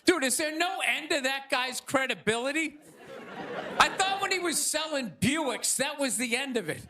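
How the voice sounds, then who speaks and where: A man doing a stand-up monologue on a theater stage into a stage mic, animated and ranting, often acting out other people's voices. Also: very high voice, normal speed. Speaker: stand-up comedian. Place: theater stage before a live audience. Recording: stage recording with crowd noise. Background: audience laughter.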